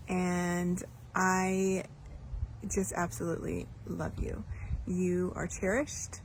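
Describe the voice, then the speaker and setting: Flat-voiced woman, gushing birthday wishes. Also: lowish voice, slight background noise, low-quality recording. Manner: gushing and affectionate. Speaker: friend giving a birthday message. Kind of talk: warm birthday message.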